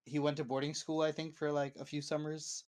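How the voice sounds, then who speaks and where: A man's voice: fairly high pitch, level tone, brisk, darkish tone. A man chatting casually on an online voice call, telling rambling anecdotes as he talks. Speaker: watch-along co-host. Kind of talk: casual chat over a video call. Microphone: online voice chat.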